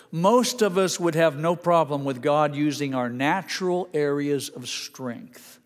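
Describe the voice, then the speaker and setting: A man preaching a sermon as pastor, halting and repeating words, then rising to emphatic, higher passages. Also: big-room sound.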